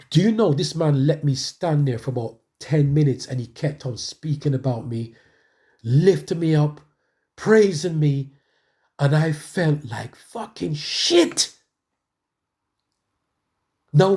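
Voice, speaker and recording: A man's voice: fairly high pitch, a little mellow. A middle-aged man preaching a testimony sermon, conversational and emphatic, repeating phrases for emphasis.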